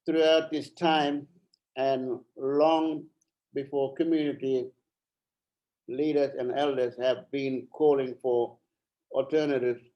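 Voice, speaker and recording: A middle-aged man from Arnhem Land speaking at an online forum as a member of parliament, halting and earnest, repeating phrases, a little out of breath. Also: mid-range voice, warm tone, highs cut off. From Arnhem Land, Australia.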